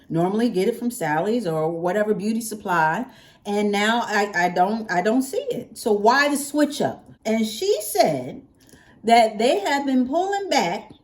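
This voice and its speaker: A woman's voice: medium pitch, darkish tone. A woman vlogger casually telling her viewers a story, acting out phone calls and calling them honey. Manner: chatty, acts out phone calls with quoted voices and sound effects. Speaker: hair care vlogger.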